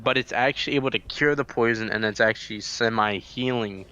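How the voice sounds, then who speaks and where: A young man hosting a casual anime review, recapping plot in a relaxed, rambling way with swearing. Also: mid-range voice, a little fast, clear, resonant tone, no echo, dull audio. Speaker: host.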